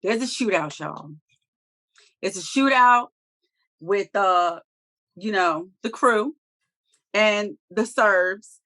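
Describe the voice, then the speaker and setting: With a mid-range voice, this woman speaks slowly and pauses often. She co-hosts a casual TV recap chat, reviewing an episode by retelling its scenes in an animated, blunt, profane, and slangy style.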